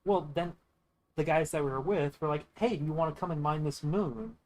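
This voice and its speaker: A young man with a fairly high, darkish-toned voice talks at a normal speed on a low-quality recording. While streaming games, he tells a long, rambling story in a casual, profane way, quoting others along the way.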